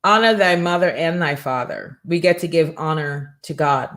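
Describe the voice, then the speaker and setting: A woman's voice: low voice, normal speed, a bit bright. A middle-aged woman hosting a morning show, giving a faith-based motivational talk with an emphatic, preacherly rhythm and repeated rhetorical questions.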